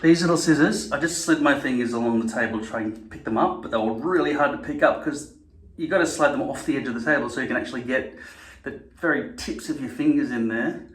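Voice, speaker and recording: A man's voice: mid-range voice, fast talker, fairly bright tone. A man talking casually to camera, rambling, swearing and correcting himself mid-sentence. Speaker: vlogger. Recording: echoey room.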